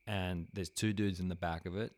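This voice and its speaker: A man with a deep, low voice spins a rambling, profane anecdote, full of fillers and false starts. The sound is dry and close, with no room around it. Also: steady tone, normal speed, a little mellow, no room sound. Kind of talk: casual storytelling anecdote.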